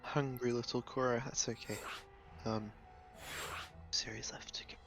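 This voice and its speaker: A man's voice: medium pitch, measured pace, soft background music. A man casting an esports match live, chatting casually with many ums and hesitations. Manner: animated, hesitant with many ums, laughs easily. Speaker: esports caster. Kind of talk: casual live game commentary.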